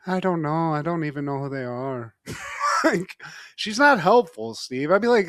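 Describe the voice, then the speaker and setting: A man with a fairly high voice talks through a TV episode in loose, casual chat. He jokes a lot and laughs between lines. The sound is dry and close to the mic. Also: sing-song, normal speed, fairly bright tone, dry recording. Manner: jokey, laughing often, slips into mock voices. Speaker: podcast co-host.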